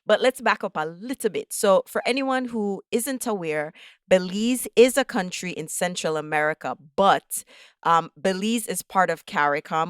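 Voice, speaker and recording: A woman's voice: sits low, dry recording, studio quality. Jamaican woman hosting a podcast, upbeat. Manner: upbeat, teasing interviewer. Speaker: podcast host. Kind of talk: casual podcast chat.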